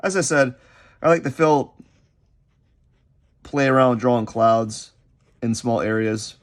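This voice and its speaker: A man chatting unscripted while he sketches, rambling and halting, often repeating himself as his thoughts drift. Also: mid-range voice. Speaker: artist vlogger.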